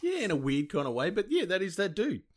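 A man co-hosting a casual movie podcast, chiming in with animated reactions and laughter. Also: high voice, fast talker. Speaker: podcast co-host.

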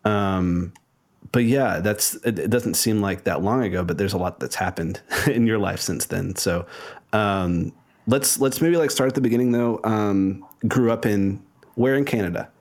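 A man hosting a casual interview, speaking haltingly with many pauses and restarts. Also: fairly low pitch, darkish tone. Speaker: interview host.

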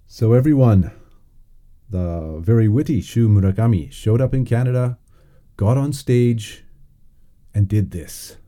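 Low, mellow male host, casual interview, encouraging, lots of hums. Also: animated, unhurried, long pauses. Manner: encouraging, with many hums and ums.

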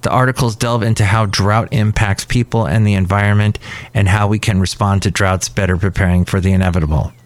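A man hosting a casual podcast from outside a cafe. He rants with sarcastic asides in a somewhat low voice. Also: fairly even intonation, a little fast. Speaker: podcast host. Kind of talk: casual solo podcast talk.

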